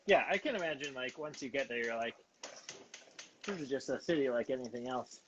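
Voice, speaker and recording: A man's voice: medium pitch, a little fast, fairly bright tone. A Canadian man hosting a casual video-call chat while cooking, chatty and self-mocking, laughing often. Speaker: host. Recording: dull lo-fi video call audio with faint hiss.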